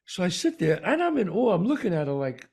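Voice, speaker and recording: A man spins a story as a podcast co-host, with a gravelly, husky voice. His pitch sits a little high and swings widely. He leans on repeated words to drive his points home. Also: sing-song, brisk, a little mellow. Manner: emphatic, repeats words for stress. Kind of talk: casual storytelling chat.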